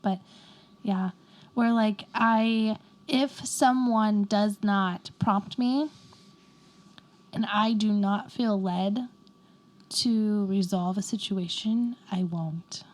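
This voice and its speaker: A woman's voice: medium pitch, drawn-out words, pauses often. A woman co-hosting a podcast, chatting casually and candidly with friends, often laughing at herself. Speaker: podcast co-host. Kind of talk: casual chat among friends.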